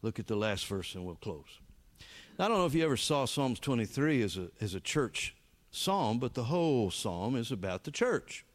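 A man preaching a sermon, telling a story with animated emphasis and halting restarts. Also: mid-range voice. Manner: halting restarts and repeated words. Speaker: pastor.

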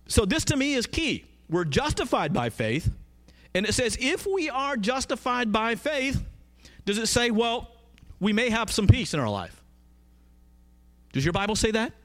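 Lively-voiced man preaching a sermon. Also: sits high. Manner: conversational, emphatic, asks the audience questions.

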